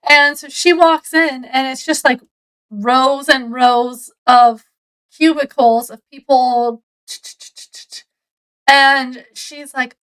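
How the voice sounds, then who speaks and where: High-voiced woman chatting about a book. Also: fairly even intonation, takes it slowly, poor audio. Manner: rambling, retells scenes with quoted voices; lots of fillers, trailing off softly. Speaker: book reviewer. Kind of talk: casual book review chat.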